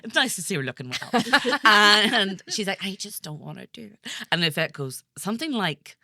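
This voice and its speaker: A woman's voice: mid-range voice, big pitch swings, normal speed, sharp tone, dry recording, studio quality. A woman with a Belfast accent, a comedian guest telling stories in casual chat on a podcast. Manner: storytelling, laughs often.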